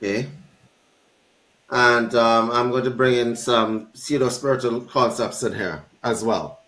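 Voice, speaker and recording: A man hosting a conversational podcast, asking questions in a relaxed way and laughing now and then. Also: medium pitch, a little slow. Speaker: podcast host. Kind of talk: casual interview chat. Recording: roomy echo.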